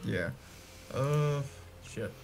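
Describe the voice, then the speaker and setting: A man's voice: medium pitch, lively intonation, very slow, vocal fry. Man with a sore voice, faint noise. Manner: casual, rambling. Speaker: tabletop game player.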